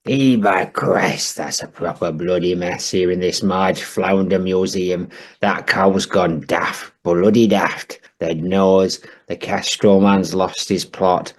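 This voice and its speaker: A man's voice: low voice, steady tone, slow, exaggerated voice. A man doing a grumpy cursing old northerner. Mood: grumbling. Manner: gruff, cursing, grumbling rants. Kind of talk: comedy podcast sketch.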